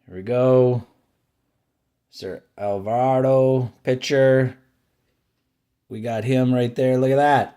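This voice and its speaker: Man, mid-pitched, slow unhurried delivery; casual host commentary over pack openings, offhand and opinionated. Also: steady tone, dark tone, clean tone. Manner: offhand, names each card as it turns up, grumbles and cheers by turns. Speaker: card collecting channel host. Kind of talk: casual running commentary while opening card packs.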